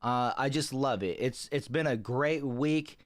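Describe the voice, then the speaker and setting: A man's voice: medium pitch, a little slow. A man hosting a channel, opening the video in an upbeat, gloating, casual way. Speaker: channel host.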